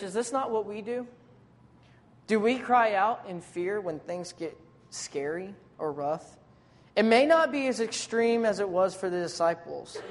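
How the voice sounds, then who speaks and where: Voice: mid-range voice, big-room sound. Casual, conversational preacher. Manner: lively, dramatic retelling of scripture scenes. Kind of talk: sermon.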